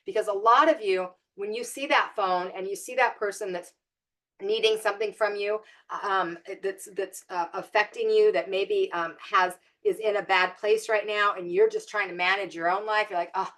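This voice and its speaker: A woman's voice: mid-range voice, fairly bright tone. A middle-aged woman gives an inspirational spiritual talk to a live audience. She speaks in a conversational way, with an everyday mid-range voice, and often turns to her listeners with direct questions. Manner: conversational, acts out everyday scenarios in quoted voices.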